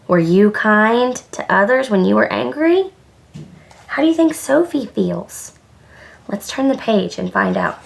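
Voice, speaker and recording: Preschool director, woman, story time reader; slow, gravelly, gentle, asks questions. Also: mid-range voice. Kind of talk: children's story time reading.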